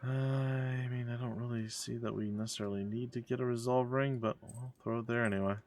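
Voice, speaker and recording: A man's voice: medium pitch, fairly even intonation, brisk, a little mellow. A man giving casual, wry commentary while playing a game and reading its dialogue aloud. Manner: wry, joking asides. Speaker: let's play gamer.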